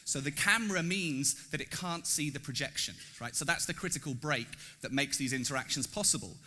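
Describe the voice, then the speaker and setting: A man's voice: on the high side, a little fast, sharp tone. A man presenting his design work at a conference, enthusiastic and jokey, talking straight to the audience. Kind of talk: conference talk. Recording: echoey hall.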